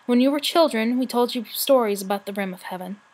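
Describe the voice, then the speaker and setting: A woman's voice: a little high, darkish tone, lightly acted, rough recording. A woman voicing a weary, wise, very old male dragon in a storybook reading. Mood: solemn. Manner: slow, solemn, grave.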